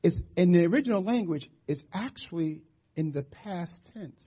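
High-voiced animated preacher man. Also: moderate pace, breathy edge. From West Philadelphia. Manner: animated, storytelling, shouts for emphasis. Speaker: pastor. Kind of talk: sermon. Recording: muffled lo-fi church audio.

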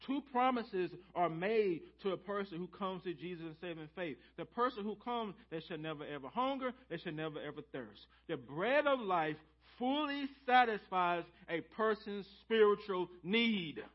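A pastor with a notably high-pitched voice delivers a sermon to his congregation. He leans hard into emphatic phrases, then pulls back to hushed, almost whispered questions. The recording sounds a little dull and lo-fi. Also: expressive, normal speed, hardly any pauses. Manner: dynamic, swings from loud emphasis to hushed near-whispers. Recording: slightly dull lo-fi church audio.

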